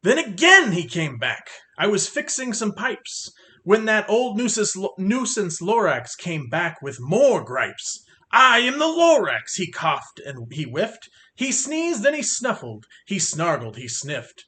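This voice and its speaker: A man reading a rhyming picture book aloud with expressive, sing-song delivery. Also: high-pitched, slow. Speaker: reader.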